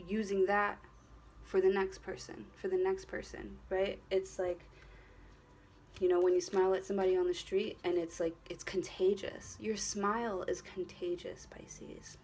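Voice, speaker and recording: A woman's voice: medium pitch, level tone, normal speed, dark tone, slight background noise. A woman doing a casual tarot reading to the camera, encouraging and earnest, rambling and repeating herself with plenty of filler and swearing. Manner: rambling, repeats herself, leans on "you know", swears freely; encouraging, earnest, speaks straight to the viewer. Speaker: tarot reader.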